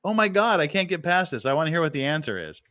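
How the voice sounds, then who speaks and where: A man giving profane, excitable reaction commentary who repeats himself as he talks. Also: on the high side, quick pace, a little hiss or hum.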